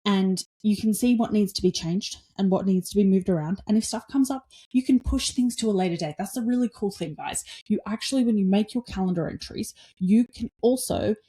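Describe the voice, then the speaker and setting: Energetic, blunt woman podcast host. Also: mid-range voice, fairly quick, few pauses. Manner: energetic, blunt, swears freely; acts out little dialogues in her own voice. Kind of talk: casual motivational talk.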